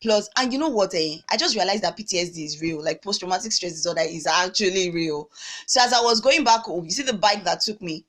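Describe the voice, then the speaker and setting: A woman's voice: fairly low pitch, quick pace. A young Nigerian woman with a Nigerian accent, telling a story to camera in a casual vlog, acting out the dialogue with local slang. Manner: animated, acts out dialogue with pidgin slang. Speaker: vlogger.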